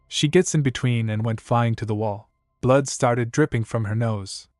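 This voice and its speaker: A man narrating a comic story recap in a steady storytelling manner. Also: mid-range voice, normal speed, no room sound, clean studio sound, faint music behind.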